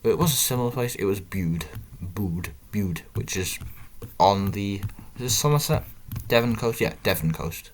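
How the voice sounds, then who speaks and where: Man, low pitch, casual game commentary, self-deprecating, faint background noise. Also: animated, normal speed. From northern England. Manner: chatty, self-deprecating, thinks aloud with muttered asides. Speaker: gaming video host.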